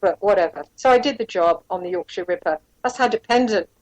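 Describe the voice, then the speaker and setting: A woman's voice: medium pitch, a little fast, a crowd in the background, poor audio. A woman being interviewed, candidly telling a rambling personal story with asides and quoted dialogue. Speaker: interview guest, former private investigator.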